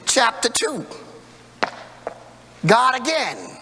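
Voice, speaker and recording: A man preaching in a church, his bright voice swinging widely in pitch as he works the congregation. He takes his time, then rises into emphatic shouted lines. The sound rings with the long reverb of a large church hall. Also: wildly swooping pitch, very slow, slight background noise. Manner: call-and-response preaching, building to emphatic shouts. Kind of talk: sermon. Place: church sanctuary.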